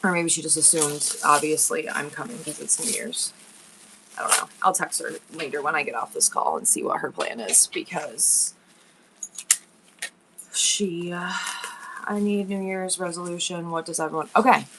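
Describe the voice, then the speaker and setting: A woman's voice: deep voice, moderate pace, background noise. A young woman chatting casually and rambling on a livestream from her home. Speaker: live seller.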